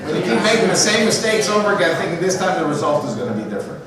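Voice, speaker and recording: A man's voice: sits high, animated, very fast, a crowd in the background. A man from the United States with a New York accent, speaking as a guest at a church in a chatty storytelling style with joking asides. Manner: conversational, jokey asides, quotes others in dialogue. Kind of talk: church talk with storytelling and jokes. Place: church sanctuary. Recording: roomy echo, distant mic.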